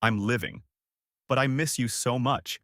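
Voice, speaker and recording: A man voicing a grieving young woman teacher who shouts and pleads through tears. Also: medium pitch, unhurried, no echo, studio quality. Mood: anguished shouting.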